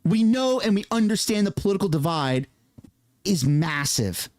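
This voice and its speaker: A man hosting a casual political commentary rant, swearing and mocking other people with quick impressions. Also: sits high, expressive, a little mellow, no echo.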